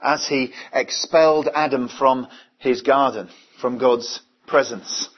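Male preacher, mid pitch, husky voice, earnest sermon full of rhetorical questions, dull lo-fi recording. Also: fairly even intonation, takes it slowly.

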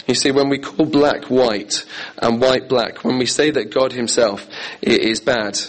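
An earnest man delivering a sermon, leaning hard on key phrases and repeating them for weight. His pitch sits in an ordinary middle range for a man. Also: fairly even intonation, unhurried, poor audio. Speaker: preacher.

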